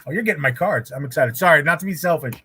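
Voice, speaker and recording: A man's voice: fairly high pitch, rapid-fire, a little hiss or hum. Casual male streamer, chatting while he draws, loose and rambling, full of restarts. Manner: rambling, relaxed, frequent restarts. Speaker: livestream host, artist. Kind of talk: casual livestream chat while drawing.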